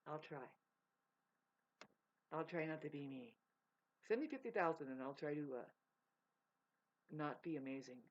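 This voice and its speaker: A woman's voice: deep voice, lively intonation, measured pace, pauses often. A woman vlogging in a rambling, profane casual monologue, laughing mid-sentence. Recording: dull lo-fi sound.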